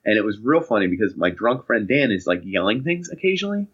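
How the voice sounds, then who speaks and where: A young man telling casual anecdotes on a podcast, animated and acting out the voices of people in his stories. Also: lowish voice, fast talker, breathy edge. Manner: animated, acts out voices in anecdotes, laughs often. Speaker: podcast co-host. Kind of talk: casual storytelling chat. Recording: dull lo-fi podcast audio.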